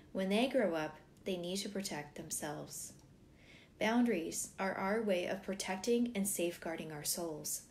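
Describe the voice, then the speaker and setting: A middle-aged woman reading a parenting book aloud, breaking off now and then for animated personal asides. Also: mid-range voice, slight background noise.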